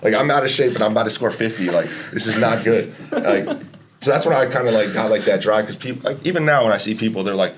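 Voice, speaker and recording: A man's voice: lowish voice, quick pace, slight background noise. A young man, a college basketball player chatting casually on a podcast, laid-back, swearing freely and laughing often. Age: 20s.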